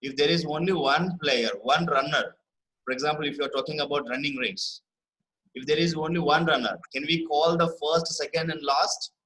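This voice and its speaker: A man teaching a spelling lesson online, explaining rules patiently and often checking in with "right?" and repeating key words slowly. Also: fairly high pitch, fairly even intonation, pushed and bright, rough recording. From India.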